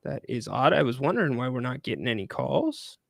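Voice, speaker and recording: A man's voice: mid-range voice, big pitch swings, fairly quick, creaky, no room sound, studio quality. A man co-hosting a sports call-in show, upbeat and jokey as he runs the phones. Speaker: radio co-host.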